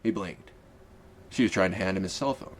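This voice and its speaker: A man's voice: low-pitched, a little fast. A man narrating his own fantasy audiobook in a wry, casual storytelling manner. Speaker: author and narrator.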